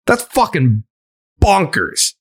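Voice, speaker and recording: A high-voiced man hosting a casual sports podcast. He rants with plenty of profanity and animated energy. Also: takes it slowly, slightly rough. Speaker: podcast host.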